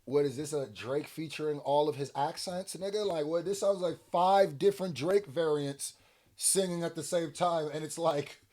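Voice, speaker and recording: A man's voice: on the high side, moderate pace. A man hosting a music reaction video, talking casually and bluntly, laughing often. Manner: animated, laughs often, blunt slangy remarks.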